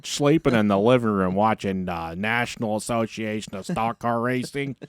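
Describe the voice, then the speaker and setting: A man playing a gruff middle-aged father who tells his story bluntly and crudely, in a deadpan way. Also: lowish voice, normal speed, no room sound, close to an everyday voice.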